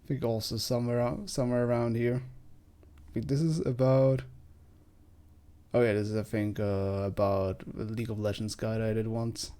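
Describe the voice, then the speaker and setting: A man hosts a let's play in a loose, rambling chat and pokes fun at himself along the way. His voice is mellow and darker in tone, and a little throaty. His pitch sits in the ordinary middle range. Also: level tone, normal speed, clear, resonant tone. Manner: chatty, rambling, self-deprecating. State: slightly throaty. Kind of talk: casual gameplay commentary.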